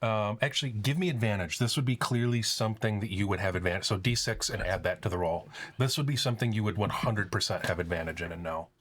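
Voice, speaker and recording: A man's voice: lowish voice, quick pace, hardly any pauses, fairly bright tone, slight background noise. A man acting as game master, casually explaining rolls and rulings in a tabletop game.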